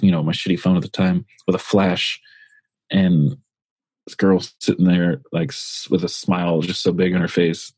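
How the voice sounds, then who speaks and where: A man's voice: sits low, a little mellow, husky, no echo. A man co-hosting a podcast, telling a long story in a casual, rambling, profane way full of fillers. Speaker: podcast co-host.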